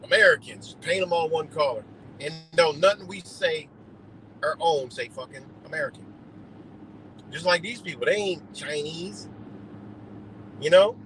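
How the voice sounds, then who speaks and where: Ranting, profane man, slightly high voice. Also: a little slow, long pauses, fairly bright tone, slight background noise, poor audio. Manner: profane, heated, rambling. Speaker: livestreamer. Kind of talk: ranting live monologue.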